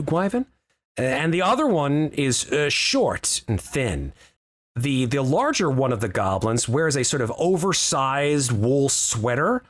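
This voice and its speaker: A man narrating a tabletop game as game master, describing scenes with lively, hesitant storytelling. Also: mid-range voice.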